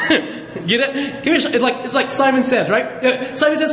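A male pastor preaching a sermon with lively storytelling, jokes and asides, recorded in an echoey hall with a faint rumble. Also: moderate pace.

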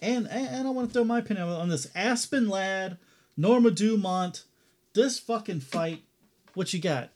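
Male podcast co-host, high voice, profane heated ranting style. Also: normal speed, a little mellow. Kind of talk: casual fight-talk chat.

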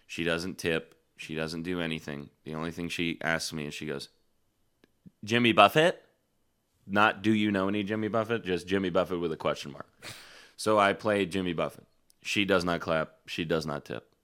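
A man's voice: low-pitched, normal speed, clear, resonant tone. A man hosting a casual podcast, telling blunt, profanity-laced stories about playing bar gigs as a musician. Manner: profane, blunt, animated storyteller. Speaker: podcast host and gigging musician. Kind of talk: casual podcast chat and storytelling.

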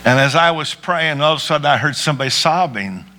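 A man's voice: on the high side, lively intonation, quick pace, sharp tone. A man preaching a sermon with rising fervor, calling out to his congregation and breaking into prayer. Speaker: pastor.

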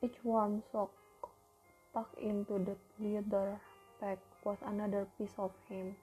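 A woman narrates a first-person novel in a measured storytelling voice. Her pace is unhurried and her tone is mellow and dark. Her pitch barely moves from line to line. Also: level tone, faint music behind, rough recording. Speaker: audiobook narrator.

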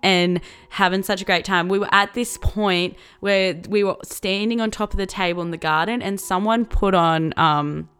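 A woman's voice: mid-range voice, steady tone, moderate pace, few pauses, a bit bright, clear, resonant tone. A young Australian woman in her twenties telling a story in a casual vlog, chatty and profane, full of likes and laughing asides. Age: 20s.

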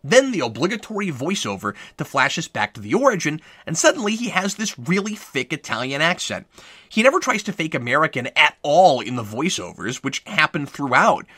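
A man's voice: on the high side, very animated, brisk, pushed and bright, dry recording. A man reading a scripted movie review in a wry, sarcastic manner, close to the mic.

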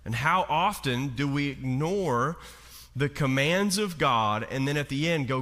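A man's voice: mid-range voice, animated, measured pace, fairly bright tone. A male pastor preaching a sermon in a church, talking to the congregation with rhetorical questions and acting out quoted voices. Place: church sanctuary. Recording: long hall reverb.

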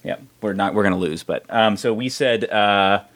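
A man's voice: fairly low pitch, moderate pace, a bit bright, no room sound. A man on a team in a casual podcast trivia game, joking and laughing often. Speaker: quiz contestant.

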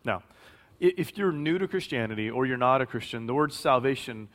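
A man's voice: medium pitch, lively intonation, a little fast, fairly bright tone. A man in his forties preaching a sermon as a pastor, conversational, often repeating words and correcting himself as he goes. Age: 40s. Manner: conversational, repeats words and self-corrects, varies volume for emphasis.

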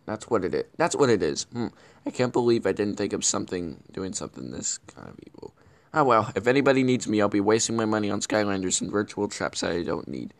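A man playing a bumbling, scheming male villain who hosts a comedic web show, rambling and correcting himself as he goes. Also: lowish voice. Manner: rambling, stumbling and self-correcting. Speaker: show host. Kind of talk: comedic character vlog.

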